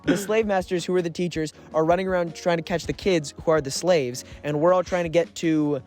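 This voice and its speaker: A young man co-hosting a podcast, casually telling a story with frequent laughs and quick asides. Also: fairly high pitch, steady tone, a little mellow, faint music behind. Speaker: podcast co-host. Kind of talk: casual chat.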